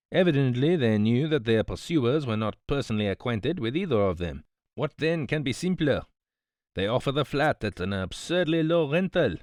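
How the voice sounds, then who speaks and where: A man's voice: medium pitch, dry recording, clean studio sound, lightly acted. A man voicing a fussy, smug older detective, politely reproving, in an audiobook. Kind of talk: audiobook character voice.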